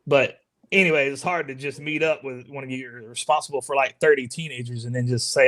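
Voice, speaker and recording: A man's voice: mid-range voice, fairly even intonation, a little fast, fairly bright tone. A man who works as a youth minister, co-hosting a casual live chat in a laid-back, drawling way and laughing often. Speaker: co-host.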